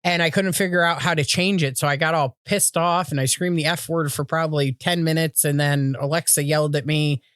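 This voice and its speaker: A woman's voice: low-pitched, fairly even intonation, fairly quick, few pauses, fairly bright tone, no echo, studio quality. A woman, co-hosting a podcast and telling rambling, profane stories in casual chat. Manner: rambling storyteller, swears freely, acts out voices. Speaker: podcast co-host.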